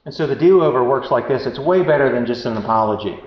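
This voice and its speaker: Speaking quickly in a mid-range voice with lively intonation, a man gives relationship advice through a casual, candid story. He's self-deprecating and rambling, full of fillers, and the recording sounds roomy and dull with faint noise.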